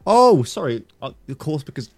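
A man's voice: on the high side, very animated, normal speed, dry recording, faint music behind. A man hosting a podcast, chatting casually and teasing his guest with playful jokes. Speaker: podcast host.

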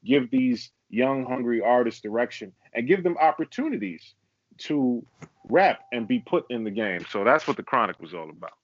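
A man's voice: medium pitch, expressive, normal speed, no room sound. A man with a mid-range voice chimes in often during a casual podcast chat, joking along. The recording is dry and close but muffled. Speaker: podcast co-host.

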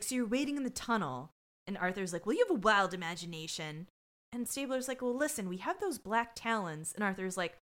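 Lively sarcastic woman podcast host. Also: mid-range voice. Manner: lively sarcastic storytelling, acting out lines. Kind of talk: casual recap chat.

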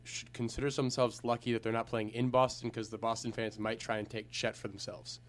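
A man's voice: medium pitch, flat delivery, a little fast, slight background noise. A man co-hosting a casual sports podcast, joking around and reading sponsor plugs. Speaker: podcast co-host.

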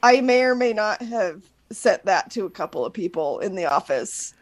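A woman in a casual podcast chat, talking about her work with a dry, wry sense of humor. Her voice sits at an ordinary middle pitch. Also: lively intonation, moderate pace. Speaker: podcast co-host.

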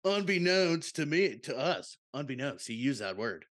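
Guy putting on a mellow surfer-bro airman, drawls and tacks dude onto everything, mid pitch. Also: big pitch swings, normal speed. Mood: laid-back. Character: laid-back young male airman, surfer-dude drawl.

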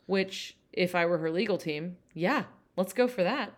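A young adult woman co-hosting a casual podcast, talking in a loose, rambling way. Her voice sits low for a woman. She hedges often and pads her sentences with fillers. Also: normal speed. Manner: hedging, rambling, full of fillers. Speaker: podcast co-host. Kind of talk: casual chat.

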